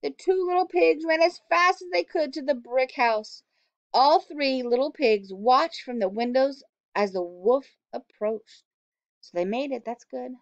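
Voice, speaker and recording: A woman teacher reading a storybook aloud to children, expressive and animated, stopping to ask them questions. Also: high-pitched, measured pace, dry recording. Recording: dull, dry lo-fi recording.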